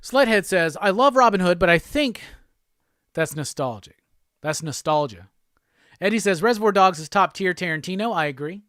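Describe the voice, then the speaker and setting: High-voiced, chatty man. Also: expressive, fairly bright tone, dry recording, studio quality. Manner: laid-back, chatty, quick laughs, reads chat aloud. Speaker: host of a live pop culture show. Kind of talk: casual live-stream chat reading viewer comments.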